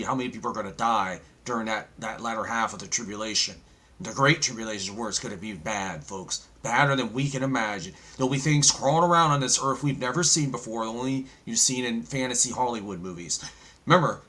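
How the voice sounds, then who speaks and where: A man's voice: medium pitch, bright, forceful tone, husky. A man hosting a live online prophecy show, preaching to viewers and calling them folks. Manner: preaching, addresses audience as folks. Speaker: host.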